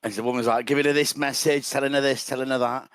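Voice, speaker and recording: A young man with a mid-pitched voice. He tells a story with a dry, joking delivery and acts out what others said. The recording is close and dry, with no room sound. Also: fairly even intonation, fast, smooth, dry recording. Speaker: podcast co-host. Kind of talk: casual storytelling.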